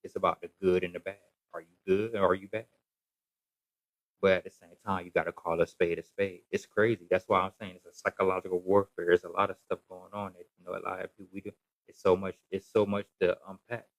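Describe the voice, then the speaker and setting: A man's voice: sits low, little pitch movement, quick pace, dry recording, rough recording. A man ranting casually to camera in a rambling, repetitive, emphatic way. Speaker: social media commentator.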